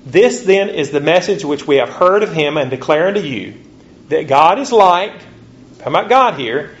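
A man preaching a sermon, reading scripture slowly and lifting his voice on rhetorical questions. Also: fairly high pitch, lively intonation. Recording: dull lo-fi recording with faint ambience.

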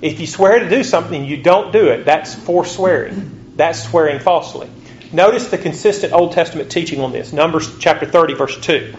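Male preacher, fairly high voice, slow emphatic scripture reads, dull lo-fi recording. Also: a little hiss or hum. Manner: reads scripture slowly, rising pitch on rhetorical questions. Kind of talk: sermon. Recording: dull lo-fi recording with faint ambience.

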